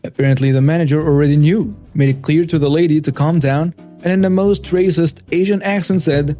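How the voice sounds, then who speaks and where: Mellow, higher-voiced male story narrator. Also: brisk, few pauses, faint music behind. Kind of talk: scripted narration of a reader's story.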